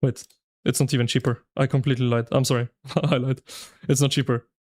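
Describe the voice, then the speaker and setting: A man streaming live, chatting with his viewers in an excitable, slangy, ranting way. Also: mid-range voice, brisk. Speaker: game streamer. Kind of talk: casual live-stream commentary.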